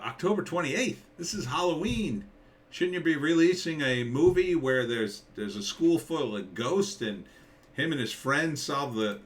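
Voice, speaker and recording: A man's voice: medium pitch, a bit bright, recorded from a distance. A man, a screenwriter, ranting casually about a movie trailer, rambling and incredulous with lots of filler words.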